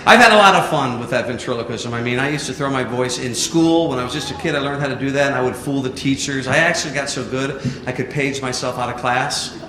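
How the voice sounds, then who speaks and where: A man's voice: medium pitch, fast talker, hardly any pauses, bright, forceful tone, a little hiss or hum. A man performing a stand-up ventriloquism act on stage, playful and jokey, chatting with a volunteer from the audience. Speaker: ventriloquist comedian. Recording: roomy live venue with crowd.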